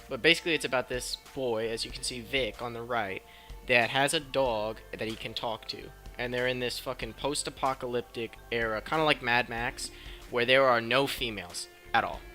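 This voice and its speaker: Young man, casual movie-review vlogger; profane and excitable, tense bright tone, faint music behind. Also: mid-range voice.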